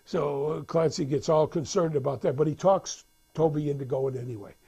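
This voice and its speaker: Retelling a movie in casual storytelling, this man acts out the characters' quotes and rambles with frequent restarts and fillers. His voice sits on the high side at a moderate pace, creaky and warm with a slight roughness.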